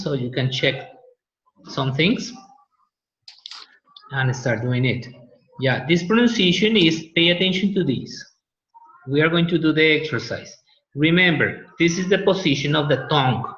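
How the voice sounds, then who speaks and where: A man's voice: fairly high pitch, measured pace, a bit bright. A man teaching an online class, explaining patiently and repeating words to model pronunciation. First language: Spanish. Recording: echoey, dull lo-fi audio.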